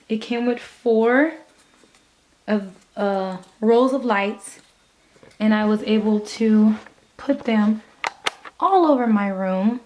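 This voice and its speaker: A young woman vlogging casually from her bedroom, chatty, swearing freely and laughing between thoughts. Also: mid-range voice. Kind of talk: casual vlog.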